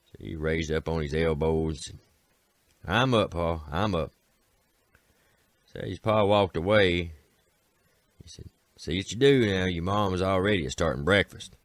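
Deep-voiced Appalachian man telling a folk tale. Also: unhurried, long pauses, dry recording. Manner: folksy, repeats "said" often, voices characters. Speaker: storyteller.

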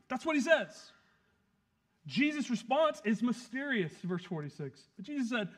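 A man preaching a sermon, swinging between loud emphasis and quiet asides and acting out quick quotes. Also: very high voice, big pitch swings. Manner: plays out the scene with quick acted quotes. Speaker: pastor.

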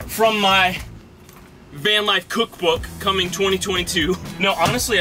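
A high-voiced man hosts a casual cooking vlog from inside a van in a parking lot, joking, rambling and poking fun at himself.

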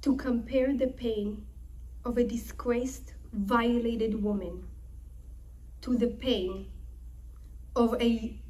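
A young woman tells a scripture story in a higher voice, taking her time. She draws out the narration with dramatic emphasis. She gives voice to the figures as she tells it. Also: steady tone, slow pace, pauses often, mellow, poor audio. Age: young adult. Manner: acts out quotes with dramatic emphasis. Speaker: Torah teacher.

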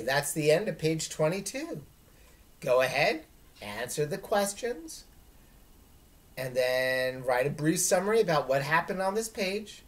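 A woman teacher speaking to her students in a recorded lesson, friendly and instructive. Her voice is low, yet it swings widely in pitch. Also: very animated, unhurried.

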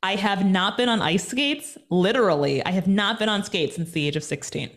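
Brief: woman motivational guest, punchy and emphatic, mid-pitched, heard over a video call. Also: moderate pace. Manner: emphatic, energetic, repeats points for effect. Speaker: interview guest, TV personality and speaker. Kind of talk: motivational interview talk.

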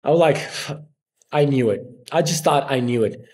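A man's voice: medium pitch, moderate pace. A man, a podcast guest telling stories in a casual way and acting out the voices of people he quotes. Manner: animated, acts out quoted voices. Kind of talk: casual storytelling.

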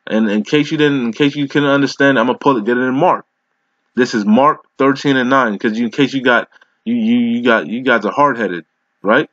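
Profane scolding preacher, muffled dry audio. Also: male voice, medium pitch, a bit bright, no room sound. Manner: harsh, profane, scolding, slows to read verses. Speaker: street preacher. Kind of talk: confrontational sermon with scripture reading.

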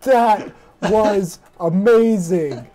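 Slow-talking teasing gamer. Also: mid-range voice, over music. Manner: teasing, giggly, drawn-out. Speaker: gaming co-host. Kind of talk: casual let's-play chat.

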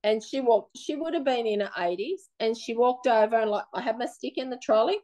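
Blunt Australian woman, high-pitched. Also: a little fast. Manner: blunt, animated, plain-spoken. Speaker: interviewee. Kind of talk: casual personal storytelling.

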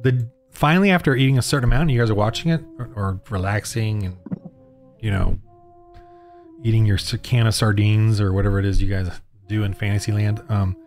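A man's voice: on the low side, steady tone, a little fast, a little mellow, faint music behind. A man running a tabletop game as game master over a video call, rambling with many fillers and frequent laughs.

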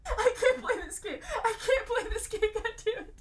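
A woman's voice: very high voice, lively intonation, normal speed. A woman streamer giving live gaming commentary, jumpy, yelping and repeating herself when scared.

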